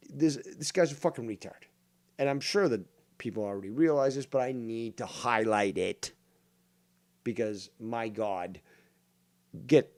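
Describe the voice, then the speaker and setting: A man's voice: medium pitch, darkish tone. A man in his forties giving profane, mocking live-stream commentary, exasperated and sarcastic. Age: 40s. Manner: mocking, exasperated, swears a lot. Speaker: streamer reacting to a call-in clip.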